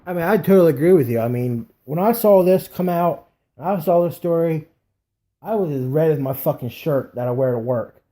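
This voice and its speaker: A man's voice: on the high side, lively intonation, normal speed, dark tone. A man co-hosting a sports podcast, worked up and emphatic as he agrees with his partner. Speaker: podcast co-host. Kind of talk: casual sports talk.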